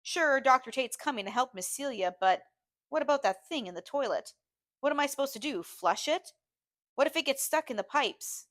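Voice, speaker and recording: Teacher reading a novel to her class, woman, slightly high voice, dry close sound. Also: expressive, moderate pace, fairly bright tone, no echo. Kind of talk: audiobook reading aloud.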